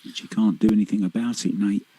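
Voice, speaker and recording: A man giving relaxed, chatty live commentary on a pool match. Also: on the low side, fast talker, husky, no room sound, rough recording.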